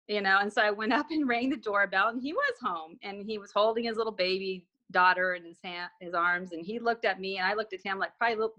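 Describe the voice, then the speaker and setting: A woman's voice: mid-range voice, bright, forceful tone, highs cut off. A woman guest telling a personal story in conversation, acting out remembered dialogue with frequent restarts.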